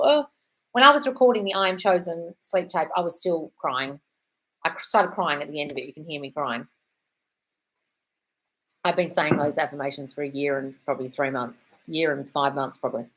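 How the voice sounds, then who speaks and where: A woman's voice: sits low, fairly quick, fairly bright tone. A young British woman hosting a casual live Q&A, blunt and swearing freely, calling listeners darling. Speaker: host answering viewer questions.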